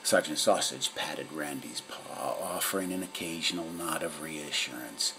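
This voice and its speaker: A man narrating a children's story in an expressive storytelling manner. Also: very deep voice, normal speed, rough recording. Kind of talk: storybook reading.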